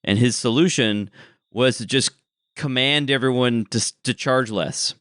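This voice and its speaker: A man's voice: mid-range voice, measured pace, a bit bright, clean tone, dry recording, studio quality. A man chatting casually as the show's writer, explaining history with laughs. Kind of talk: casual chat.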